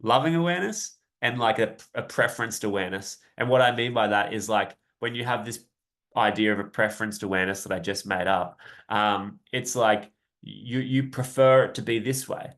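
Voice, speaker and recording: A young man coaching viewers in a relaxed, rambling live talk, often tagging "right?" and laughing lightly now and then. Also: fairly low pitch, normal speed. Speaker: self-help coach. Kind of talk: casual live-stream talk.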